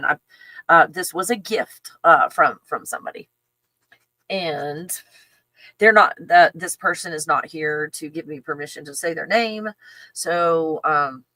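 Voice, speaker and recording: A woman's voice: low-pitched, pushed and bright, no echo. A middle-aged woman chatting casually on a livestream in a rambling way, laughing often and talking to her dog. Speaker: channel host.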